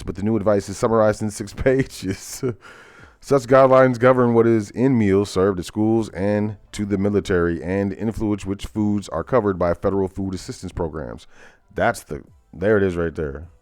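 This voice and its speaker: A man hosts a casual current-events talk show, reading headlines aloud and breaking into laughter with loose asides. His voice is fairly low and darkish, with no echo on the recording.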